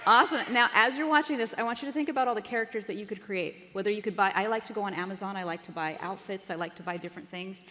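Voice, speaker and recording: Speaking very fast with hardly any pauses, this conference speaker has a medium-pitched voice that sounds pushed and bright. She delivers an upbeat, chatty marketing talk to the audience in a live presentation, recorded in an echoing hall.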